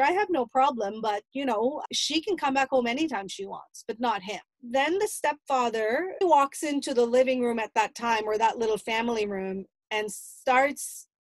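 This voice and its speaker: In this personal storytelling, a woman's high-sitting voice comes through with no room sound. She is a middle-aged mother recounting an emotional family story and replaying her own past dialogue at length.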